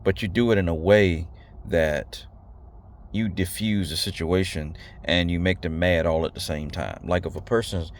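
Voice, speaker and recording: A man's voice: deep voice, steady tone, normal speed, a little hiss or hum. A man giving a blunt, rambling casual talk to his viewers, slangy and repeating himself. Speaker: video host. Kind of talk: casual direct-to-camera talk.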